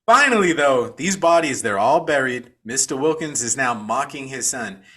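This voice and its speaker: A man's voice: medium pitch, lively intonation, moderate pace, fairly bright tone, slightly rough. A man co-hosting a podcast, recapping a film in a casual, profane storytelling way. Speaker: podcast co-host.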